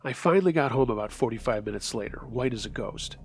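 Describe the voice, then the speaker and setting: A man narrating true scary stories as the host of a horror story show, reading in a measured, steady voice. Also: mid-range voice, a little hiss or hum.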